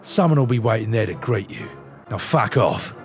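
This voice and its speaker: A man voicing a gruff, swaggering male sky pirate captain who swears freely and talks in rough slang, over a game's cutscenes. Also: lowish voice, lively intonation, moderate pace, faint music behind, voice pushed down.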